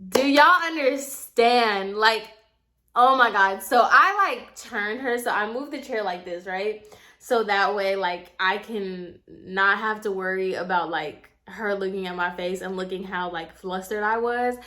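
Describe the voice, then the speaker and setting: A young woman of Puerto Rican heritage vlogs casually, telling her viewers a story and acting out what people said. Animated and chatty, she addresses them as "y'all" in a mid-range voice at a measured pace.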